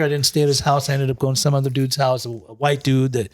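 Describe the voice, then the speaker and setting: A recovery coach telling his story as a guest, in a profane, animated, streetwise way. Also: medium pitch, quick pace. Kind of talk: casual storytelling.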